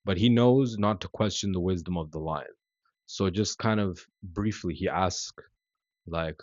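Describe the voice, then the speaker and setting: A man in his thirties tells a story in an easy, rambling way, with lots of "like" and "you know". His voice sits very low. The sound is dry and dull, as if from a cheap mic. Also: slow, dry recording. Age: 30s. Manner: relaxed and conversational, full of "like" and "you know". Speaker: vlogger. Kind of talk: casual storytelling vlog.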